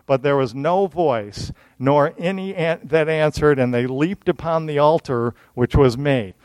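A man's voice: fairly high pitch, measured pace, few pauses, dry recording. A man preaching a sermon, reading a scripture passage aloud and explaining it in plain everyday words. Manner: mocking, animated asides.

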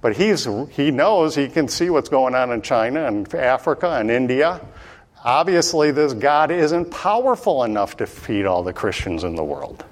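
A man giving an earnest sermon as a Bible teacher, repeating points and often pausing on "uh". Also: medium pitch, very animated. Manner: earnest, repetitive, many "uh" fillers.

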